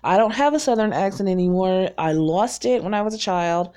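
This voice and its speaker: A woman of about forty, from North Carolina but raised in Virginia, chats casually with her viewers as a vlogger. Her medium-pitched voice is brisk and dark in tone. She rambles, laughs a lot, and is frank and self-deprecating.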